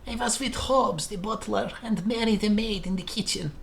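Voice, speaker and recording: A man's voice: sits high, normal speed, vocal fry, fairly bright tone, a little hiss or hum, pitched above the performer's own voice. A man voicing a grumpy old Russian babushka cook in a game, blunt and dismissive, with a put-on Russian accent. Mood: grumbly.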